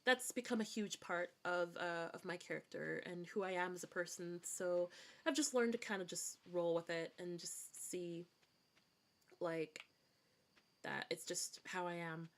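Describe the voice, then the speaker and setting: A woman's voice: lowish voice, unhurried, fairly bright tone. A woman streaming a game, chatting casually and rambling with frequent restarts and giggles, with a hard-to-place accent that mixes formal and informal words. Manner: rambling, self-correcting, giggly. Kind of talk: casual gaming stream chat.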